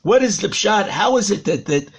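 A man's voice: sits high, animated, moderate pace, gravelly, slightly rough. A man, a rabbi, giving a Torah sermon, telling a parable dramatically and repeating words for emphasis.

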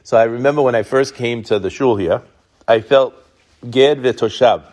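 A man's voice: medium pitch, moderate pace, darkish tone. A middle-aged man from Brooklyn giving a Torah talk to a congregation, reading Hebrew and Aramaic passages and explaining them in a conversational way. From Brooklyn, New York. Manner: retells midrash in Hebrew then English, conversational.

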